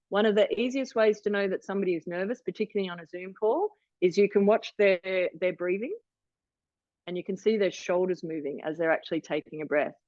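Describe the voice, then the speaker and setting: A woman in her forties, speaking in a mid-range voice with a darkish tone, leads an online wellness workshop over a video call. She is chatty and encouraging but often restarts her sentences. The lo-fi audio has no room sound.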